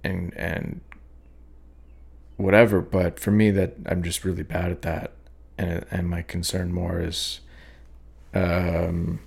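A young man with a daughter, hosting a podcast and talking over his own poems in a halting, reflective way, with many fillers and restarts. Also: deep voice, little pitch movement, creaky, a little mellow, breathy edge. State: sleepy, yawning. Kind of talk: rambling reflective talk.

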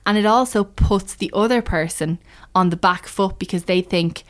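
A woman's voice: medium pitch, moderate pace. A woman on a podcast chatting candidly, telling stories with lots of restarts and acted-out quotes. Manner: animated, storytelling, restarts often. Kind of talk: candid casual chat.

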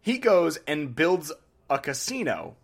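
A man's voice: on the high side, sing-song, slow, creaky, husky. Profane joking man telling history. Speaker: podcast host. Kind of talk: casual history storytelling.

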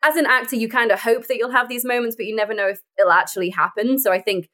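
A woman's voice: on the high side, fairly even intonation, quick pace, sharp tone. Bubbly young woman, chatty. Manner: bubbly, laughs often, chatty storytelling. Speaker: actor and guest. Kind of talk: casual interview chat.

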